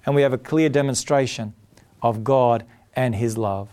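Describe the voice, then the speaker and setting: A man's voice: mid-range voice, normal speed, a little mellow. A man preaching a sermon, earnest and emphatic, often repeating his key phrases.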